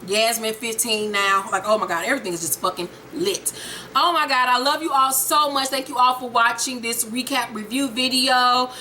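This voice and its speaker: A young woman casually recapping a TV episode, profane and animated, acting out the characters as she retells scenes. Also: a little high, moderate pace, slight background noise. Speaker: TV recap reviewer.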